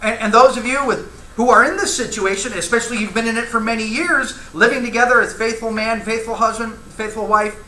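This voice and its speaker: A man's voice: extremely high pitch, steady tone, brisk, hardly any pauses, pushed and bright, a little hiss or hum. A man teaching a church Bible class, talking with the class, asking questions and reading scripture aloud. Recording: echoey room, faint ambience.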